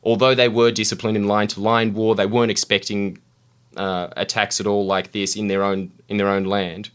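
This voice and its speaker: A man's voice: on the low side, flat delivery, brisk, smooth. A man hosting a casual podcast, telling history with jokey, mock-solemn asides. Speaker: podcast host. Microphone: studio mic.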